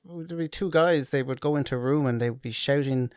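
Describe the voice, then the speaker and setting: A man's voice: medium pitch, a little fast, a little mellow, smooth, no echo, clean studio sound. Chatty male podcast host. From Ireland. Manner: chatty, anecdotal storyteller. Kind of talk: casual interview chat.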